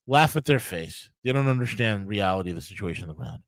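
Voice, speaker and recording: A man's voice: mid-range voice, quick pace, hardly any pauses, clean tone, no echo, poor audio. A man hosting his own show, ranting angrily and profanely about politics, with frequent restarts and emphatic repetition. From United States. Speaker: podcast host. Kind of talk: solo political rant.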